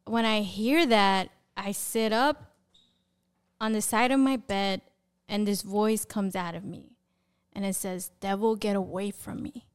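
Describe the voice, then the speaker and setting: Woman sharing her faith story on a podcast, super clear smooth voice, open and candid, lots of "you know". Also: mid-range voice, slow pace. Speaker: guest. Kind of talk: personal faith testimony.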